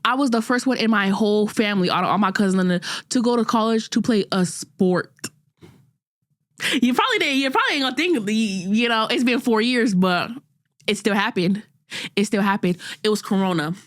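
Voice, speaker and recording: A woman's voice: medium pitch, animated, normal speed, no echo, clean studio sound. Candid slangy young woman podcast host. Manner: candid, slangy and self-critical, with frequent restarts. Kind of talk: casual self-reflective monologue.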